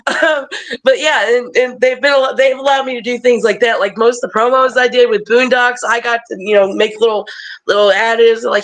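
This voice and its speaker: A woman wrestler telling stories as a podcast guest over a video call, animated and profane, laughing often. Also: on the high side, fairly quick, rough recording. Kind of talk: casual storytelling.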